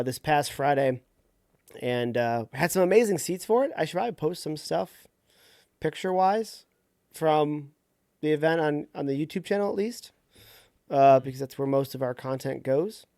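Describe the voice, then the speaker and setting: A man's voice: fairly high pitch, a little mellow, clean tone, dry recording, studio quality. A man co-hosting a casual wrestling podcast, rambling loosely and laughing easily. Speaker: podcast co-host.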